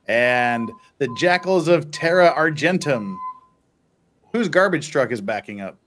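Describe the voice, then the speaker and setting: A male host with a slightly raised, very animated voice, joking his way through viewer messages. He talks casually and chuckles often, bouncing his pitch all over the place. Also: unhurried, soft background music. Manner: jokey, teasing, chuckles often. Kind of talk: casual live-stream commentary.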